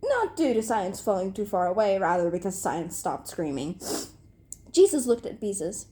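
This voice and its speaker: A young woman reading comic fan fiction aloud, deadpan with occasional giggles. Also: mid-range voice, normal speed. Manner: breaks into giggles, deadpan delivery. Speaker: reader.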